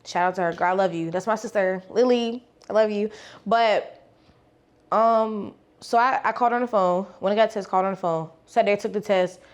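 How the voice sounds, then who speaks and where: A young woman vlogger telling her faith testimony in a casual, animated way, acting out the dialogue and using slang. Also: medium pitch, brisk, dull audio. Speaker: faith vlogger and life coach. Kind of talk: personal testimony storytelling.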